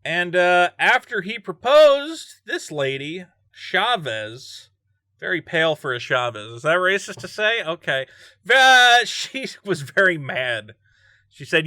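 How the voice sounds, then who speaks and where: A man's voice: high voice, sing-song, measured pace, bright, forceful tone, dry recording, studio quality. A man reading and joking through a true-crime story as a vlogger, laughing often and breaking off into asides. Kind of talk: casual true-crime commentary.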